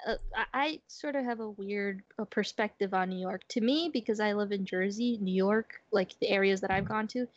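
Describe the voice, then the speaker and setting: A woman chatting casually as a stream guest, relaxed and wry. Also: medium pitch, no room sound, lo-fi sound. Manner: relaxed, wry, says mm a lot. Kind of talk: casual chat.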